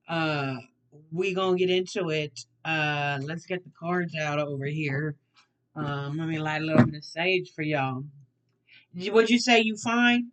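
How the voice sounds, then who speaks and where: A woman hosting a casual tarot reading, talking in a sassy, playful way that keeps repeating phrases, moving between soft murmurs and loud teasing bursts. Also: low voice, a little slow. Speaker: tarot reader.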